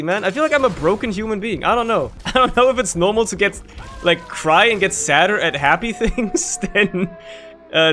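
A man's voice: a little high, a bit bright. A man giving casual gameplay commentary, rambling candidly with lots of fillers and freely swearing. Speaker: gaming video creator.

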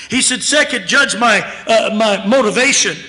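A man with a high, bright, forceful voice preaches at normal speed in a church sanctuary. He tells a story emphatically, playing both sides of a conversation, and the echoey hall adds long reverb.

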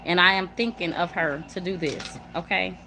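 A young woman chatting casually and emphatically to viewers on a livestream, repeating herself and hushing her children now and then. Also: lowish voice, steady tone, normal speed, vocal fry, background noise. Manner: chatty, emphatic, repetitive, warm toward viewers; hushes children mid-talk. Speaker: livestream host. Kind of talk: casual live chat to viewers. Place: home room with kids nearby.

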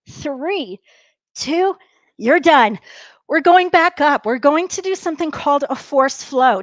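Upbeat high-voiced woman leading a workout. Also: no echo. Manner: upbeat, encouraging, counts down reps. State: a bit out of breath while exercising. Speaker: fitness instructor. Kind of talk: live workout class instruction.

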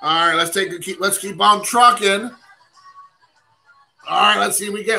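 A man's voice: sits high, fairly even intonation, normal speed, creaky, pauses often, bright, forceful tone, soft background music, rough recording. A man hosting a casual card-opening stream, rambling and poking fun at himself while chatting with viewers. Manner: rambling, self-deprecating, chatty asides to viewers. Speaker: card collecting channel host.

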